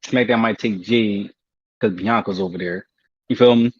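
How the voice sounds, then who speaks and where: A man's voice: lowish voice, normal speed, breathy edge, no echo, dull audio. A man co-hosting a casual wrestling podcast, talking in blunt slangy banter and repeating himself. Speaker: podcast co-host. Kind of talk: casual chat.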